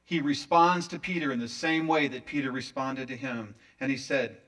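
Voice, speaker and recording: A man preaching a sermon, with dramatic swings in loudness. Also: medium pitch, fairly even intonation, normal speed, recorded from a distance. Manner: dramatic, acting out quoted voices with big swings in loudness. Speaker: pastor.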